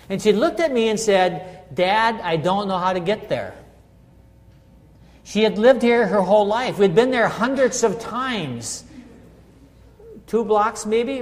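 Heard in a large hall, the church sanctuary, a high-pitched middle-aged pastor gives a chatty sermon and checks in often by asking his audience "right?"

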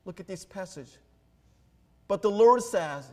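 A man preaching a sermon as pastor, earnest and deliberate, pausing between phrases. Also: high-pitched, lively intonation, a little mellow. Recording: long hall reverb.

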